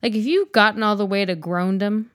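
A woman's voice: medium pitch, fairly quick, a bit bright. A woman co-hosting a podcast in casual chat, talking frankly, rambling with fillers and swearing freely. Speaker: podcast co-host.

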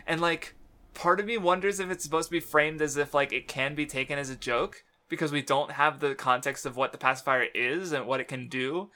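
Bright-voiced man rambling about comics. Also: mid-range voice, fairly even intonation, brisk. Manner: rambling, filler-heavy, laughs often, swears. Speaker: podcast co-host. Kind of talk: casual chat about manga.

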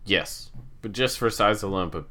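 Male co-host with a lowish voice, easygoing and agreeable, laughs along often. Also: moderate pace, bright, forceful tone. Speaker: podcast co-host. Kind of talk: casual wrestling chat.

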